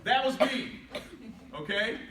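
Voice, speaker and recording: A middle-aged man giving a playful, animated inspirational talk to students in a large hall, telling stories and acting out quotes. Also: extremely high pitch, takes it slowly, slight background noise. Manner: playful, animated storytelling with jokes and acted-out quotes. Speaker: motivational speaker. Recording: echoey hall, voice from a distance.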